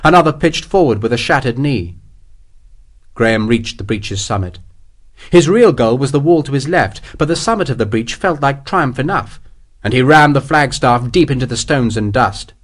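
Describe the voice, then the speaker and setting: A man's voice: medium pitch, expressive, moderate pace. A man reading an audiobook as its narrator in a dramatic, vivid way. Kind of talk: scripted narration.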